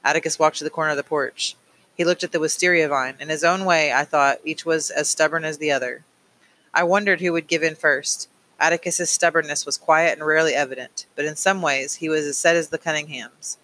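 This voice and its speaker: A man narrating a novel aloud in a measured, plain storytelling manner. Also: a little high, steady tone, pushed and bright, rough recording. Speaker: audiobook reader. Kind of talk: audiobook narration.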